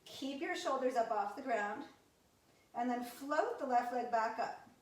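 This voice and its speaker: A woman in her thirties, a yoga instructor, giving gentle movement and breathing cues in a live class with chatty, candid asides. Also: on the high side, animated, a little slow. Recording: roomy sound from a distance from the mic.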